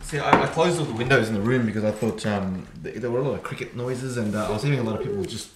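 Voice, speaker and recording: A man's voice: mid-range voice, a loud crowd. A man hosting a casual podcast chat, rambling, restarting often and running his words together. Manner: rambling, restarts often, fast and slurred by his own account. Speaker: podcast host. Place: room at home. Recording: echoey room.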